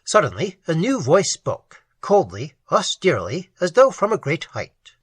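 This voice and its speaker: Expressive storyteller with a husky voice. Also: mid-range voice, moderate pace, dry recording. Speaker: narrator. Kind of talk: scripted narration.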